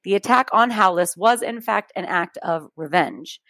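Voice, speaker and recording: A woman's voice: mid-range voice, moderate pace, fairly bright tone, no echo. A woman co-hosting a podcast, reading a true-crime story from her notes with chatty asides and frequent laughs. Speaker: podcast co-host.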